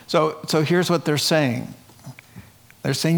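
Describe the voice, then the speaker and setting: Slow, high-voiced man preaching a sermon. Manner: chatty, asks rhetorical questions, frequent "right?". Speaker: pastor. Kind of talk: conversational sermon. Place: church before a live congregation.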